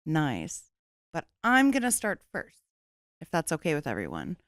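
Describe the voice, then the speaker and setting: A woman's voice: deep voice, huge pitch swings, normal speed, no room sound, clean studio sound. A young woman hosting a podcast in casual chat, playful, laughing often and swearing freely. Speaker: podcast host.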